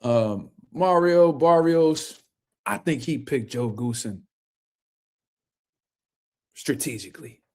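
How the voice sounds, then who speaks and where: A man's voice: medium pitch, slow, long pauses, a little mellow. A man hosting a casual boxing livestream, talking loosely in slang and speaking to viewers in the chat.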